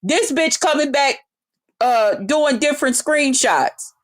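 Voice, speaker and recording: A woman telling a story in a loud, brash, profane rant. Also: high-pitched, slow. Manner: loud, brash, heavy swearing, animated retelling. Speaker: vlogger.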